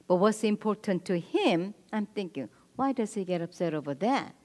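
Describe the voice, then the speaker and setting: A woman's voice: lowish voice, a little mellow. A woman giving a marriage seminar talk in church, instructive, often checking in with the audience with "right?". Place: church hall. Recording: echoey hall.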